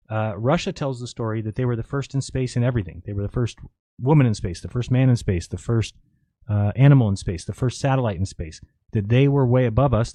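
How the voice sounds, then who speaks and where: A man's voice: medium pitch, warm tone, no echo. Offhand man reading his live chat. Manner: offhand, rambling, reads chat questions aloud and answers. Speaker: live stream host. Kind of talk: casual live stream chat, reading viewer comments.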